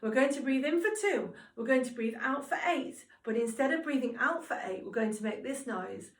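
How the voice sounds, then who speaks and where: A woman teaching a singing lesson to young children, encouraging and speaking slowly and clearly. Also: high-pitched, animated. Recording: roomy sound from a distance, music behind.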